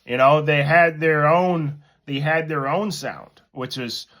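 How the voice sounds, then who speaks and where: Animated man telling a hip-hop story. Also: fairly high pitch, takes it slowly. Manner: animated, storytelling, laughs at himself. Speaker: host commentator. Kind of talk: casual commentary.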